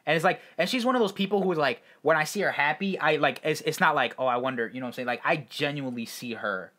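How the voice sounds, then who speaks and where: A young man with a voice on the high side and a fairly bright tone co-hosts a podcast. He's a fast talker, chatting casually and rambling with many filler words.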